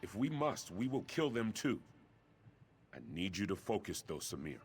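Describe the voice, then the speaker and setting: Over game music, an actor voices an earnest young warrior prince in a video game, addressing his brother formally and with urgency. His voice is lowish and sing-song, at a moderate pace.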